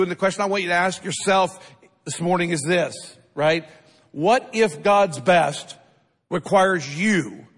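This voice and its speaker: A male pastor preaching a sermon, emphatic, constantly checking in with the congregation and building up to shouted lines. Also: high voice. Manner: keeps asking the congregation "right?". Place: church sanctuary. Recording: long reverb of a large hall.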